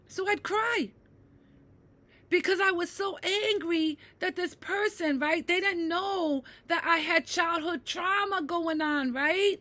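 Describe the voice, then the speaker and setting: Woman in her fifties, unhurried personal talk, bright tone, emphatic and often asking "right?". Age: 50s. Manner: swings from low and quiet to loud and heated. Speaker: mental health vlogger.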